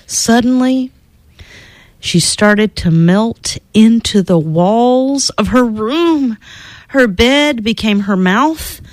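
A woman reading a children's storybook aloud in an expressive, lilting storytelling manner. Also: a little high, takes it slowly, no room sound.

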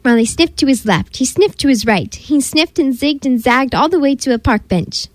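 A woman with a fairly high voice reads a children's story aloud, her sing-song delivery rising and falling to keep young listeners hooked. She sounds close to the mic in a dry, dead room. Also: expressive, normal speed, no echo, low-quality recording. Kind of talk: reading a picture book aloud.

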